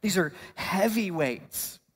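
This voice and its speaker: Man preaching a lively sermon. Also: high voice, takes it slowly, breathy edge. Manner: conversational preaching with bursts of emphasis. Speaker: pastor.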